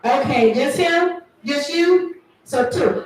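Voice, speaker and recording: A woman's voice: high voice, animated, measured pace, slight background noise. A woman in her thirties doing a playful stand-up comedy set with teasing crowd work at a live event. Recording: echoey room, from far off.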